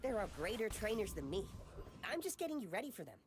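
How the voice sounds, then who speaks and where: A woman's voice: medium pitch, big pitch swings, quick pace, over music, natural voice. A woman voicing a male trainer character in a video game, speaking in an encouraging, matter-of-fact way.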